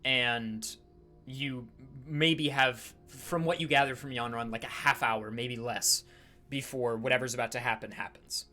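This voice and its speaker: Casual game master with a bright voice. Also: male voice, medium pitch, fairly even intonation, measured pace, soft background music. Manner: casual, full of fillers and restarts. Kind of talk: narrating a tabletop game.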